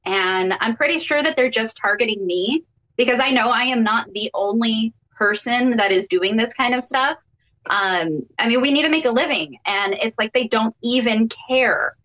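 A woman, a business owner, speaks as a guest in an upset, halting way, full of ums and restarts. Her voice is bright and somewhat high. The sound is dull and lo-fi, as if it comes down a poor line. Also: lively intonation. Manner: upset, hesitant, many fillers.

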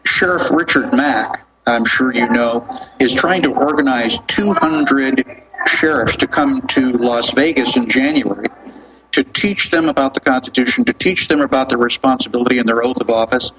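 Measured male radio guest. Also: mid-range voice, rough recording.

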